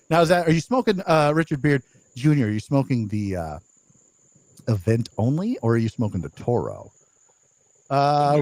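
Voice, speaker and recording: A man's voice: medium pitch, darkish tone, dry recording. An older man hosting a casual live-stream chat, chatty and laughing, reading out viewer comments, his voice a bit worn. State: losing his voice. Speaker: podcast host.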